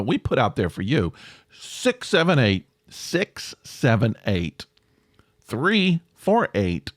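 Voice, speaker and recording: A middle-aged man hosting a casual solo podcast, rambling and self-deprecating, jumping up in pitch for emphasis. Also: dry recording, studio quality. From American South. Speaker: podcast host.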